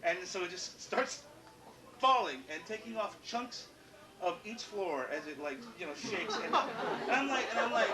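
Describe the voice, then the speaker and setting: A man telling a story on stage, animated and profane, and he pokes fun at himself. His voice sits fairly high, and it reaches the mic from some distance in an echoey room. An audience murmurs around him. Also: moderate pace. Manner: animated, profane, self-mocking. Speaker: comedian. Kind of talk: stand-up storytelling. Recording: echoey room taped from far off, crowd.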